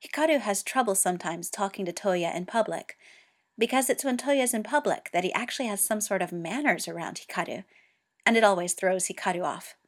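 A woman reading fan fiction aloud in an even, steady storytelling voice. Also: mid-range voice, fairly quick. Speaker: reader.

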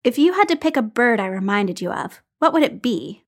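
A woman's voice: on the high side, very animated, brisk. A woman reading a story aloud and voicing a wry, grumpy adult man in a raised, bouncy voice.

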